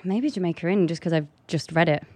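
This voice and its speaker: A woman's voice: lowish voice, brisk, a little mellow, dry recording. Chatty English woman guest. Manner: chatty, filler-heavy, self-interrupting. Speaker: guest actress. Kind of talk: casual interview chat.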